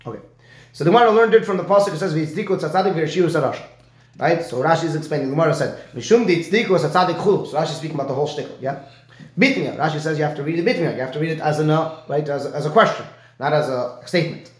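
A man teaching a Talmud lesson, explaining Rashi and checking in with his student with a quick "right?". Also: a little high, expressive. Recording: echoey room.

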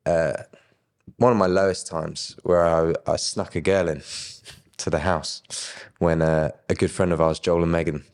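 A young man casually telling his personal faith story, with lively quoted dialogue and chuckles. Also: sits low, unhurried, smooth, big-room sound. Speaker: guest sharing his faith testimony.

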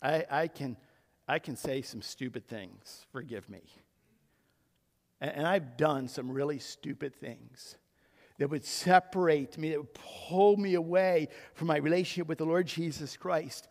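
A male pastor with a notably high voice delivers a sermon, shifting from quiet, intimate passages to loud, driving exhortation. His voice rings out with a long reverb in a church sanctuary. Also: a little slow. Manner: emphatic preacher, swings between hushed and loud.

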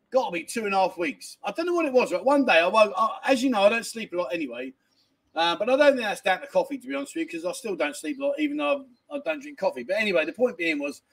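A high-pitched man with a rough, creaky edge to his voice hosts a laid-back livestream. He reads viewer messages aloud and answers in a rambling, chatty way. He swears casually and often restarts his sentences. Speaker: livestream host reading viewer chat. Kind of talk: casual live chat. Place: a family home in a village, indoors.

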